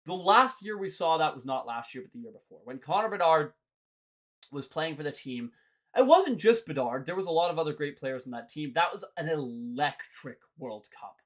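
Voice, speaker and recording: A man's voice: fairly high pitch, lively intonation, moderate pace, fairly bright tone. A young man hosting a hockey show, ranting in an exasperated, sarcastic way. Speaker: hockey podcast host. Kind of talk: ranting sports commentary.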